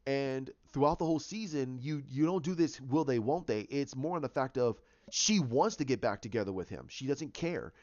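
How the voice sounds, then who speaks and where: A man's voice: medium pitch, expressive, moderate pace, darkish tone, no echo. Man, fan commentary, rambling delivery, dry muffled home recording. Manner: rambling, many restarts and fillers. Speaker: fan show host. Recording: dull, lo-fi sound.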